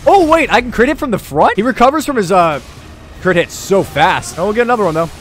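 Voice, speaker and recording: A young man commentating his own boss fight in a video game, excitable and quick to yell and laugh. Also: sits high, soft background music. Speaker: gaming YouTuber. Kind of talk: let's play commentary.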